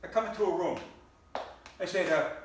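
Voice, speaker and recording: A man's voice: sits high, fairly quick. A middle-aged man doing a stand-up routine, telling his story in an exasperated way and stumbling over repeated words. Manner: stammering repetitions, exasperated storytelling. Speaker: stand-up comedian. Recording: echoey room from far off, faint noise.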